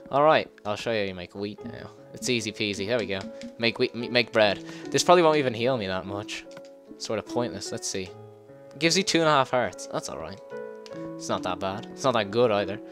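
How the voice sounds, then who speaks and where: A man giving casual gameplay commentary, excitable, swearing and laughing as he plays. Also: on the low side, over music. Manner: excitable, swears and laughs, quick yelps when startled. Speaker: let's play gamer.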